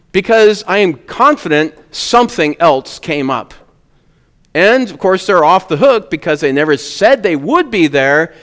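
A man's voice: fairly high pitch, a bit bright. Man preaching earnestly in a reverberant hall. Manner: earnest preaching, rising to emphatic peaks on key words. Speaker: pastor. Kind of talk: sermon.

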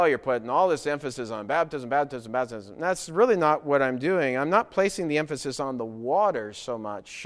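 A man preaching a sermon in a church, earnest and emphatic, hammering home key phrases through repetition. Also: medium pitch. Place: church with baptistry.

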